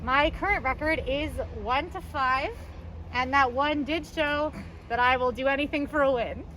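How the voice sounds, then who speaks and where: A woman's voice: high voice, moderate pace, fairly bright tone, a little hiss or hum, low-quality recording. A woman hosting a vlog race, cheerful and full of competitive trash talk. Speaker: show host and race competitor. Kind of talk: upbeat vlog chat.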